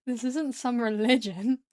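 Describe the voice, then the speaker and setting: A woman's voice: on the high side, darkish tone, no echo, studio quality. A young British woman with a British English accent, chatting casually with her viewers while she draws, laughing often and exclaiming at the chat. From Britain. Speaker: streamer.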